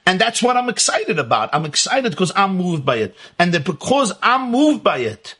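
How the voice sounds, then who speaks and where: A man's voice: high-pitched, big pitch swings, moderate pace, fairly bright tone, husky. A man giving an emphatic Hasidic lecture as a Torah teacher, asking rhetorical questions and repeating key words.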